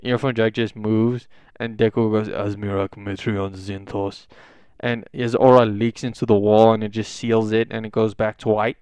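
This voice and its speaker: A man's voice: on the low side, completely flat delivery, normal speed, few pauses, darkish tone, smooth, no room sound, muffled recording. A young man casually improvising a fan fiction story, rambling with lots of swearing and fillers.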